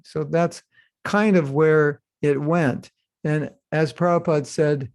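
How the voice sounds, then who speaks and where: A middle-aged man delivers a conversational sermon in a fairly high, gravelly voice. He keeps it light and joking, slipping into the voices of the people he quotes. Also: slow, pauses often, a little mellow. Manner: conversational and humorous, acts out quoted dialogue. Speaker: speaker giving a scripture class. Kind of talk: informal sermon.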